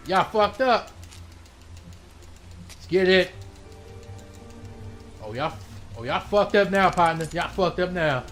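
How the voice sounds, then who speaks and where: Loud trash-talking young male streamer. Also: high voice, animated, slow pace, pauses often. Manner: loud profane trash-talk at the screen. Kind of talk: live game-stream commentary. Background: game music.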